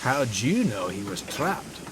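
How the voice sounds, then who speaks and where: A man's voice: medium pitch, big pitch swings, slow pace. A man voicing a shrewd, loyal male diesel engine with a Scottish brogue, in a noisy recording. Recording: loud background noise.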